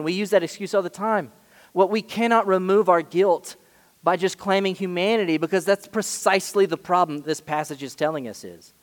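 A man preaching a sermon as pastor, emphatic, swinging between loud stresses and quiet asides. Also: sits high, normal speed, long reverb tail.

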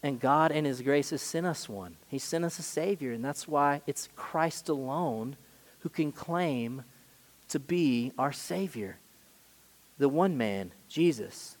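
Pastor, male, high-pitched, emphatic sermon delivery with big dynamic swings, reverberant hall sound. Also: slow pace. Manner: emphatic preaching with sharp swings in loudness.

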